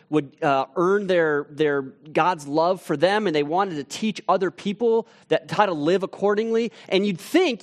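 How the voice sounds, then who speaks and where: A man on a church teaching team, telling a vivid story in a casual sermon with restarts and asides, sinking to a hush at tense moments. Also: high voice.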